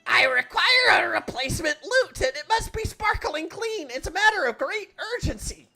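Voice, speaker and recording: A woman voicing a fussy, pompous male mushroom customer in a squeaky, theatrical voice while playing a game. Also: animated, normal speed, pushed and bright, faint music behind, exaggerated voice. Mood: urgent. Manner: urgent and melodramatic.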